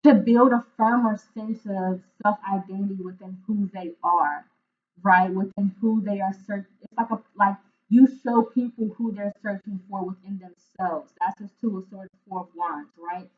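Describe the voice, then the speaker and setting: An earnest woman talks through a tarot reading at a middling pitch, often stopping to find her words and checking in with "right?". Her voice comes through thin and narrow, like a phone line. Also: fairly even intonation, moderate pace. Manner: emotional, searching for words. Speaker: intuitive tarot reader.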